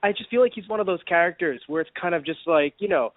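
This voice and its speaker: Talking fast in a high voice, a podcast co-host rambles through relaxed chat, leaning heavily on fillers and restarts. The recording is dry, tinny and phone-like, with no echo.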